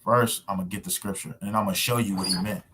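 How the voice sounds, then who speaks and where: A man's voice: low-pitched, steady tone, racing, pushed and bright, slight background noise. A man preaching a sermon to camera in casual slang, pressing his points with rhetorical questions. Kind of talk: street preaching sermon video. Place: at home recording himself with screen share.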